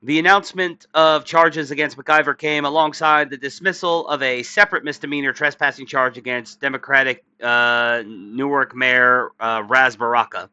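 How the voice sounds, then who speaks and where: A man's voice: medium pitch, fairly even intonation, normal speed, few pauses, sharp tone, clean tone, no echo, muffled recording. A tired, yawning man hosting a profane political commentary show. He reads news aloud with sarcastic asides and stumbles often. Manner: crude, sarcastic, stumbling over reading with many uhs. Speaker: political commentary channel host.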